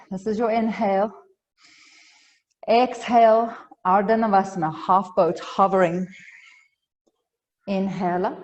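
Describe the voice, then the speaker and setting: A woman teaching a yoga class, giving calm cues with light humor and sounding a little out of breath. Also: mid-range voice, long reverb tail, muffled recording. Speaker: yoga instructor.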